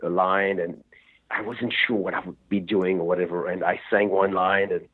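A man's voice: sits low, fairly even intonation, normal speed, husky. A man, a rock singer, talking in a rambling way and often laughing during a radio interview over the phone. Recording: tinny phone line.

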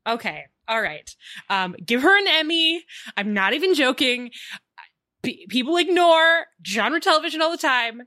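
Bright, gushing woman co-host. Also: sits high, animated, dry recording, clean studio sound. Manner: gushing, emphatic, quick restarts. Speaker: podcast co-host. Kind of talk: casual chat. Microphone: remote call mic.

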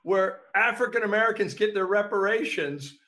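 A man hosting a casual interview, laughing easily and filling pauses with ums. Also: high voice, bright, forceful tone. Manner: laughs easily, hesitant with fillers. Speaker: podcast host.

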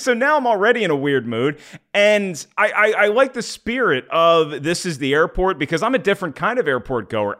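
A man's voice: a little high, fairly bright tone. A man co-hosting a movie review podcast, telling stories in a wry, rambling casual chat with stammered restarts. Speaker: podcast co-host.

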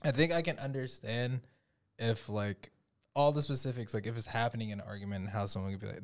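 Here a man with a medium-pitched, fairly quick voice appears as a podcast guest, a musician. His story wanders, packed with fillers and false starts, in a relaxed, chatty way.

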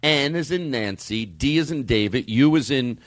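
A comedian and podcast host, a man of middling pitch, talks in a loose and rambling way, and his voice leaps up and down as he goes. The room is dry, with no echo around him. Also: expressive. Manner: loose, rambling, quick swings up in pitch when riled. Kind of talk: casual chat.

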